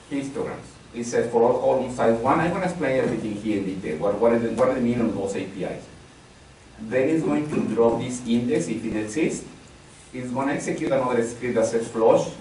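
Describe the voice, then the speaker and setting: With a mid-range, slightly mellow voice, an instructor leads a live technical training in a conversational style, repeating key phrases and asking the audience for responses. The sound is distant and very echoey, with a faint noise floor.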